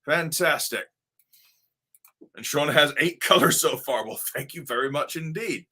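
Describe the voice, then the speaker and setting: A man's voice: a little high, a little slow, bright, forceful tone, slightly rough. A man from Ohio with a mixed English and Midwestern American accent, chatting casually as a livestream host reading viewer comments, rambling with fillers and the odd swear word. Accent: mixed English RP, Devon and Midwestern American.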